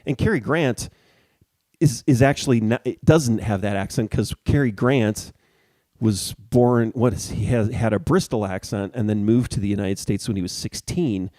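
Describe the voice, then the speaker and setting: Low, mellow-voiced man chatting loosely. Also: normal speed, no room sound. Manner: rambling, searching for words, many restarts. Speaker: podcast co-host. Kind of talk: casual chat.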